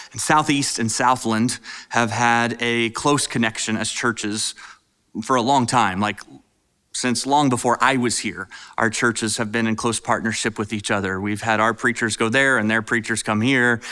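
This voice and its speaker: Pastor doing the intro, low flat voice, bright and clear, hall echo. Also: male voice. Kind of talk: church announcement. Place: large church auditorium. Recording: church hall reverb.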